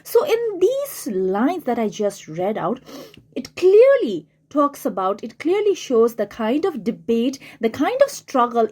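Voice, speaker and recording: Lady teacher going over a play, high voice, keeps repeating and rewording stuff, very animated. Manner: explains slowly, repeating and rephrasing key words. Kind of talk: literature lesson explaining a play.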